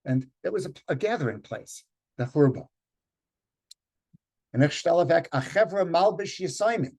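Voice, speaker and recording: A man's voice: a little high, expressive, moderate pace, a little mellow. An older man leading a community reading, who reads Yiddish lines and explains words step by step in an informal lecture, thinking aloud with fillers. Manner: switches between English and read Yiddish lines.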